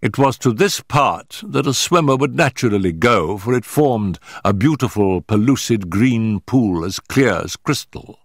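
Man, audiobook narrator, deliberate and dramatic, lively pitch, dry close sound. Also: no echo. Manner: deliberate and dramatic, in period prose. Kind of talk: scripted narration.

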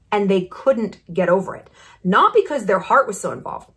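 A woman hosting her own vlog, talking bluntly and profanely with strong opinions and lively asides. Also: medium pitch, normal speed. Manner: animated, drops into asides and mock quotes. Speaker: vlogger host. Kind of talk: casual commentary vlog.

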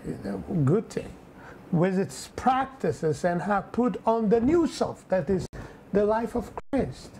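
A man's voice: sits high, sing-song, slow pace, dark tone, slight background noise, low-quality recording. A man preaching a sermon in an earnest way, often repeating phrases and adding fillers.

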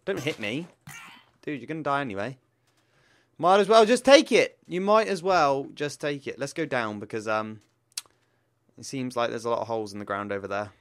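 A man's voice: medium pitch, brisk, a bit bright, no room sound. A young man giving playful Minecraft let's-play commentary, repeating phrases in a sing-song way. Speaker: gaming YouTuber.

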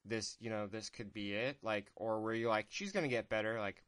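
A man hosting a podcast who asks halting, hesitant questions in casual chat. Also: lowish voice, fairly bright tone. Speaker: podcast host.

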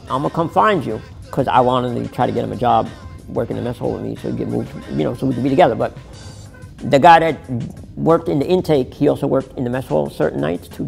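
A man's voice: medium pitch, vocal fry, darkish tone. A middle-aged man, telling his story in a candid interview, rambling and swearing as he corrects himself. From New York City. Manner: rambling, profane, self-correcting.

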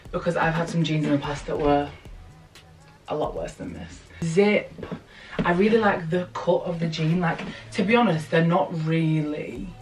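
A woman's voice: deep voice, a little mellow, far from the mic. A young British woman casually chatting through a clothing try-on, candid and exclamatory, talking straight to her viewers. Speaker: vlogger. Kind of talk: casual try-on haul chat. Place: indoor room with a mirror and a stool.

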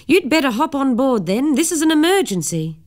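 A woman reading aloud puts on a hearty, booming storybook gentleman on a bicycle, pitched well above her usual voice. He exclaims kindly and bounces widely up and down with cheer. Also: very animated, fairly quick. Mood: cheery. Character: cheery booming middle-aged man on a bicycle.

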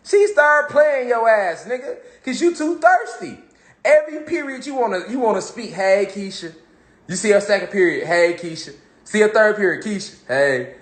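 A man's voice: very high-pitched, expressive, moderate pace, a bit bright. A man giving a casual motivational monologue on spirituality, talking in street slang and repeating phrases for emphasis. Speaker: spiritual talk host. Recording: echoey room.

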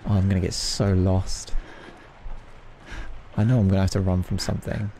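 A man's voice: low-pitched, little pitch movement, moderate pace, dark tone, a little hiss or hum. A man playing a horror game and commenting, joking, yelping and talking to the characters. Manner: jokey, yelps and talks to game characters. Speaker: let's play gamer. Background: game music.

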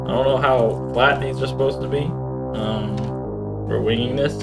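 A man's voice: mid-range voice, fairly even intonation, normal speed, gravelly. A man co-hosting a casual cooking show, chatting loosely and joking with filler words while he cooks. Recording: echoey room with music behind.

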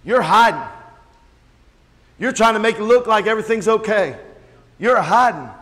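A man's voice: sits high, animated, moderate pace. A man preaching a sermon as a pastor, telling stories and calling out to the congregation. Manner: storytelling preacher who shouts out quoted voices. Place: church sanctuary. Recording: long reverb of a large hall.

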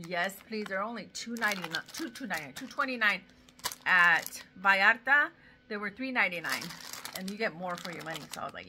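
A woman's voice: medium pitch, sharp tone, slight background noise. A middle-aged woman vlogger chatting casually about her dogs and thrift-store finds, gushing and a little defensive. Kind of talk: casual vlog chat.

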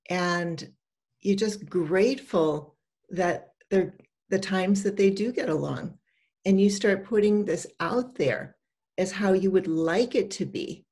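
Older woman coach, gentle and encouraging. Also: lowish voice. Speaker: empowerment coach. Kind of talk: casual advice talk.

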